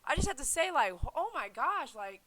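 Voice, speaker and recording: Casual woman vlogger, high lively voice, slangy banter on a headset mic. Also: normal speed, poor audio. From United States. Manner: animated, laughing, slangy with "man" fillers. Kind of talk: casual vlog chat.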